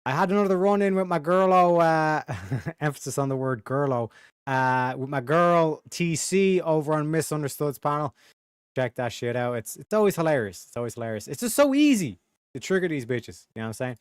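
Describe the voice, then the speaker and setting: Smooth-voiced man hosting a livestream. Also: on the high side, lively intonation, a little fast, no room sound, clean studio sound. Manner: profane, drawling shout-outs to chat. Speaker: livestream host. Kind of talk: casual livestream chat.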